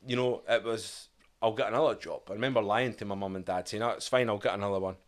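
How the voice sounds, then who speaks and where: A man's voice: fairly low pitch, quick pace. A Scottish man in his thirties, a podcast guest telling his life story in a candid, reflective way. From Scotland. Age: 30s. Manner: candid, reflective, quotes his past self and family. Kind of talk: casual storytelling interview.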